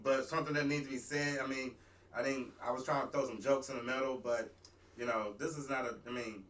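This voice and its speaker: A man, a talk show host, telling a rambling, animated story in a casual talk-radio monologue. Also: medium pitch, recorded from a distance, slight background noise. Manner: rambling, animated, restarts and asides.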